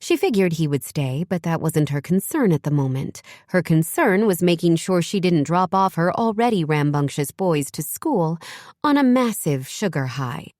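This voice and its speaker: A woman narrating an audiobook in a measured storytelling manner. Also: on the low side, expressive, darkish tone, dry recording, clean studio sound. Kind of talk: scripted narration.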